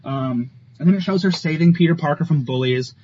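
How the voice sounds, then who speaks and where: Man, casual podcast chat, enthusiastic, high voice, slightly dull sound with faint noise. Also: brisk. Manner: enthusiastic, animated, laughs often. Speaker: podcast co-host. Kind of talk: casual comic book chat.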